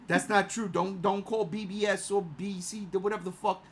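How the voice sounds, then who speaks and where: A man in his forties chatting casually as a podcast co-host. He rants with big swings from loud outbursts to low mutters, swears freely and laughs mid-sentence. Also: steady tone, normal speed, hardly any pauses. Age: 40s. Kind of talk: casual chat.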